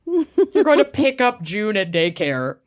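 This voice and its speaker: A woman's voice: medium pitch, wildly swooping pitch, moderate pace. A woman co-hosting a casual podcast, joking and teasing her friend. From Minnesota. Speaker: podcast co-host. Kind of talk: casual chat.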